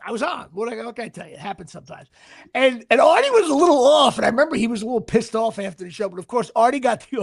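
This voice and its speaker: High, gravelly middle-aged man telling stories. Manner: rambling, restarts sentences, sports asides. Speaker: actor guest. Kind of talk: casual anecdotal storytelling.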